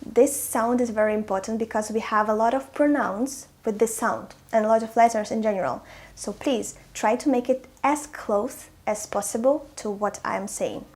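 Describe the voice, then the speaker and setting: A young woman giving a pronunciation lesson, sounding out each example clearly and repeating it. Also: on the high side, normal speed, a little mellow. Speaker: language teacher.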